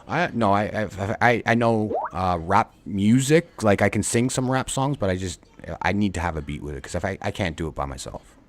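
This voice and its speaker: A man hosting a sports talk live stream with a fairly low voice. He is enthusiastic, hypes up his callers, and stumbles through fillers and restarts. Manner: enthusiastic, halting with fillers and repeats. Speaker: host.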